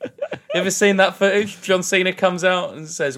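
A man co-hosting a comedy quiz podcast, telling absurd stories in a deadpan way. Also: sits high, normal speed. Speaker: podcast co-host.

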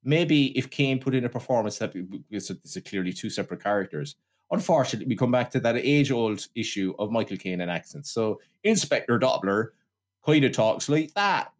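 Casting: male podcast co-host, mid-pitch, sweary comic ranter who riffs through mocking voices. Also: lively intonation, a little fast. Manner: sweary, riffing, mimics voices in quotes. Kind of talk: casual film review chat.

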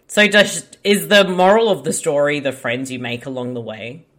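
Bright-voiced Australian woman, wry and quick. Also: low-pitched. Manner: wry, quick jokes, laughs often. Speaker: podcast co-host. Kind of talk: casual movie commentary chat.

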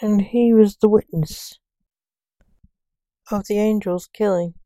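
A woman reading a story aloud with halting phrasing. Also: mid-range voice, steady tone, warm tone, no room sound, rough recording.

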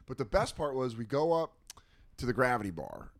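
An American man chatting casually, telling lively stories and swearing freely. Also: medium pitch, brisk, no room sound. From United States. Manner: animated storyteller, swears freely. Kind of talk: casual chat.

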